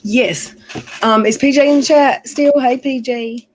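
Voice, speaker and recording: A woman's voice: high-pitched, unhurried, a little hiss or hum, rough recording. A woman hosting a livestream, telling family stories in a rambling, chatty way and often correcting herself mid-sentence. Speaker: livestream host. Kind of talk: casual storytelling chat.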